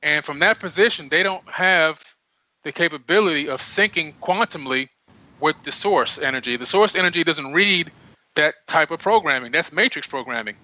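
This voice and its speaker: Earnest man with a bright voice. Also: on the high side, moderate pace. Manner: earnest, emphatic, preaching self-empowerment. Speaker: radio show guest. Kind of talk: casual radio interview. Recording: dull lo-fi radio audio.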